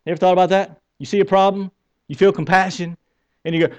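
A pastor with a Southern American accent preaches a conversational sermon, asking the congregation questions and joking wryly at his own expense. His voice is high-pitched and bearded in quality, with little pitch movement, and he talks fast; the audio is dull.

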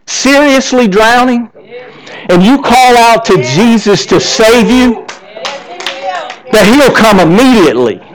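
A man's voice: high-pitched, poor audio. A male pastor preaching a sermon, asking the congregation rhetorical questions. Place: church.

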